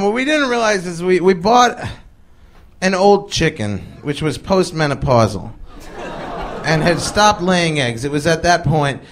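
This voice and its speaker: On stage, a male comedian with a high, fairly bright voice tells a loose, chatty story in live comic style. He uses lots of fillers and quick voices for the people he quotes while the audience laughs along.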